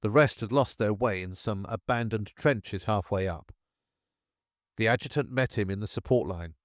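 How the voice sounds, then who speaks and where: A man narrating a First World War memoir in a measured, steady reading style. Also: on the low side, no echo, studio quality.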